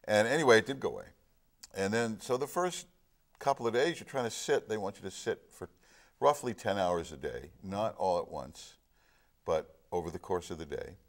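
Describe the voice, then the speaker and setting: A man's voice: lowish voice, animated, normal speed. A middle-aged man in casual chat, earnestly recounting a personal experience as a guest discussing a film. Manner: reflective storytelling, earnest.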